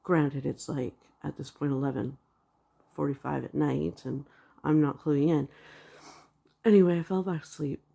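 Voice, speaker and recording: In her religious vlog, a woman with a deep, dark, creaky voice shares her dreams at a moderate pace, keeping a steady tone with long pauses. She rambles casually and leans heavily on "like" as a filler.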